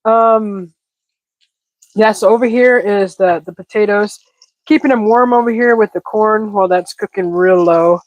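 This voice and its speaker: A woman hosting a casual cooking livestream, chatting while she cooks, breathing a little heavily and breaking into excited squeals. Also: a little slow, no room sound, rough recording. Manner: chatty, improvising, bursts into excited high squeals greeting chat.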